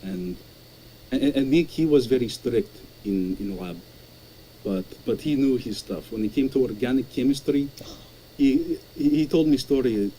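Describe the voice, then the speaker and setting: A man putting on a Russian accent as a caller, telling a story in halting, article-dropping speech with many repeated words. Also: medium pitch, expressive, mellow, a little hiss or hum, lightly acted, low-quality recording. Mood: storytelling. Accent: put-on Russian.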